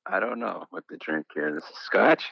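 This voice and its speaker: A man's voice: low voice, moderate pace, creaky, a bit bright, husky, dry recording. A man with a Boston accent, calling in to a trivia quiz and guessing unsurely. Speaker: caller. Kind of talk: casual phone call. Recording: muffled phone line.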